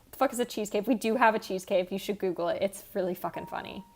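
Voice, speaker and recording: A woman's voice: medium pitch, fast. A woman livestreamer chatting casually with viewers, rambling, cutting herself off and swearing offhand. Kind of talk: casual chat reading out viewer comments. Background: faint background music.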